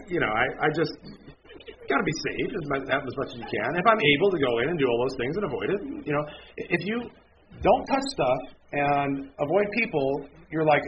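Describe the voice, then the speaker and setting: A man's voice: on the high side, big pitch swings, a little fast. A man in his thirties, a pastor, giving a casual, rambling sermon with lots of restarts and self-deprecating asides. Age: 30s. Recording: muffled, noisy lo-fi recording.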